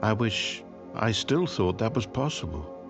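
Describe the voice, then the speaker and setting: Wry omniscient game narrator: dry, theatrical, lively intonation over game music. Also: male voice, on the low side, measured pace, creaky, exaggerated voice. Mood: plaintive. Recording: dull game audio with music.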